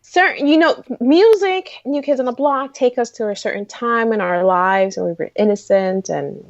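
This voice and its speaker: A woman in her forties, a podcast host telling stories in a rambling, excitable way, full of restarts. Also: on the high side, normal speed, no room sound, muffled recording. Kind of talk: casual chat.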